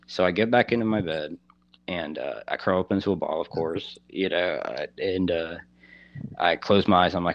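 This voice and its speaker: Deep-voiced man rambling through a story. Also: lo-fi sound. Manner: rambling, halting, heavy on "you know" and "like". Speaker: guest telling a personal story. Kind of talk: casual storytelling.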